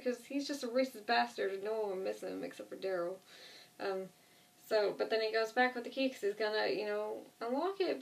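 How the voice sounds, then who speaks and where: A woman's voice: mid-range voice, gravelly, recorded from a distance. A young woman casually retelling a TV episode to a friend, rambling with lots of "like" and the odd swear word. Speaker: vlogger.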